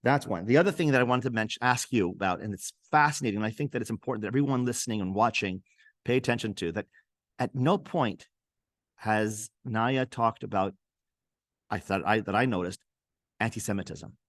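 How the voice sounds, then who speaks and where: A man's voice: lowish voice, fairly quick, no room sound, studio quality. A middle-aged man whose first language is French, hosting a conversation as a cantor and making his points earnestly and emphatically. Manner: earnest, emphatic, repeats himself as he builds a point. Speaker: cantor and host. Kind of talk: conversational interview.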